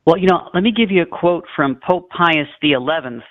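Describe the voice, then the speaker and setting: Radio co-host, man, measured and steady, fairly high voice, dry tinny phone line. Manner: measured, reads a quotation steadily. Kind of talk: talk radio commentary.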